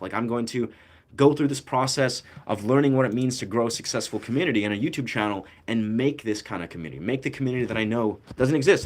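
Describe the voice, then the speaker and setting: Rambling laid-back young male musician. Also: medium pitch. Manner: rambling, loose, slangy, many fillers. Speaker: musician and content creator. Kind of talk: casual talk to camera about music.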